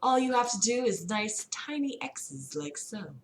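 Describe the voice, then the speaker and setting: Woman doing a soft, soothing male painter. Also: mid-range voice, animated, slight background noise, lightly acted. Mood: gentle, soothing. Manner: quiet, slow and soothing. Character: soft-spoken gentle older male painter.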